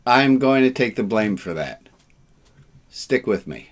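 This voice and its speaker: A man's voice: mid-range voice, big pitch swings, unhurried, long pauses. Joking man leading an informal service. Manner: joking, self-deprecating, sarcastic.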